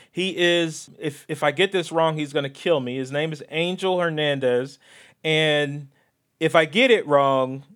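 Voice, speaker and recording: A man talks on a podcast with a fairly high, lively voice. He is excitable and slangy, telling stories in an animated, casual way as co-host.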